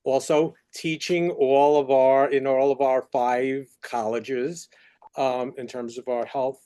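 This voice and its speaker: A man's voice: medium pitch, level tone, slow, mellow, clear, resonant tone. A man with a New York accent, a faculty researcher explaining career paths in a chatty, filler-heavy way on a university panel. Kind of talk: panel discussion.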